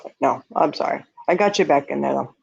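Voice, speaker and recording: A man's voice: on the high side, a little fast, creaky, breathy edge. A man hosting a casual livestream, reading viewer comments and talking bluntly and candidly, often laughing at his own remarks. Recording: dull lo-fi stream audio.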